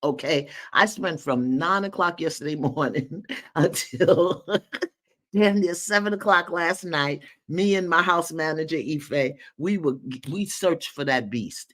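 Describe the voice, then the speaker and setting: A woman hosts a live community call from her countryside home, reading comments aloud in a folksy, preacherly manner. Her voice is bright and ringing, and her pitch leaps up and drops low. She laughs freely and keeps cheering her listeners on. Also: slow. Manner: animated, laughing, folksy and preacherly, calls out encouragement. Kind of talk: lively live-stream talk, reading viewer comments aloud.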